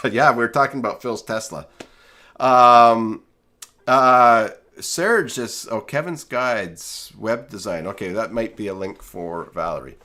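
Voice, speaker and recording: A man's voice: mid-range voice, takes it slowly, sharp tone. A man hosting a casual live stream from his studio, talking in a rambling way with many fillers and restarts. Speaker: host. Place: home studio.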